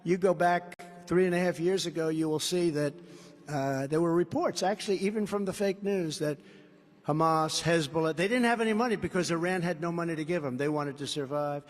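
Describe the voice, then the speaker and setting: A man's voice: fairly high pitch, brisk. Older man giving a combative rally speech. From United States. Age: 70s. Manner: combative, repetitive, boastful. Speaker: political candidate. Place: large indoor rally venue. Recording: long arena reverb.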